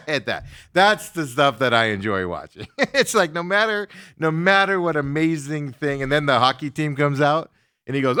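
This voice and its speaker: An animated male talk show host rants about sports with a lively, swooping voice and a bright, forceful tone. He laughs easily and slips into mocking impressions. The sound is dry and close. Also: a little high, moderate pace, smooth, dry recording. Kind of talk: casual sports talk rant.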